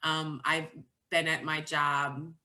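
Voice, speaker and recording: A woman's voice: low-pitched, flat delivery, slow pace, sharp tone. A pregnant woman talking candidly and from the heart as the featured guest in a casual chat about motherhood.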